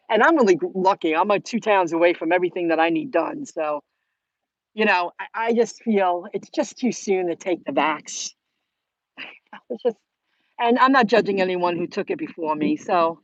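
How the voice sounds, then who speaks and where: A woman's voice: fairly low pitch, no room sound, highs cut off. A woman host, chatting to camera in a rambling, chatty way with many restarts. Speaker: channel host. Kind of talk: casual chat to camera.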